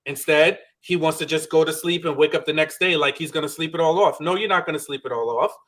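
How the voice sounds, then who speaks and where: A man with a slightly higher voice chats through a reality-show recap. He talks loosely and fast and slips into quoted lines as he goes. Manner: chatty, animated, acts out quoted lines. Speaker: podcast co-host.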